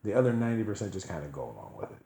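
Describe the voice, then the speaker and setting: A man's voice: low-pitched, sing-song, rapid-fire, vocal fry, mellow. A man hosting a podcast, telling stories in a loose, laughing way during casual chat. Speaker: podcast host. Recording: echoey room.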